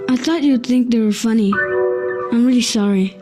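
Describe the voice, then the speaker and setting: A woman voicing a young boy in an educational cartoon who apologizes sheepishly for a prank, with loud music behind her. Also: on the high side, normal speed, lightly acted. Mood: sorry.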